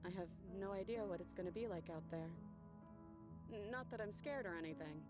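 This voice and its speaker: A woman voicing a tender, nervous princess in a video game, reading her lines in a quiet, soft voice. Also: medium pitch, brisk, loud music behind the voice, voice pushed down, natural voice. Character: tender young princess, brave but nervous.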